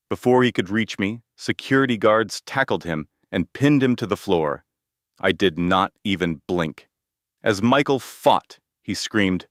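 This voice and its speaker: A man narrating a scripted story with a measured, even delivery. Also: low voice, no echo, clean studio sound.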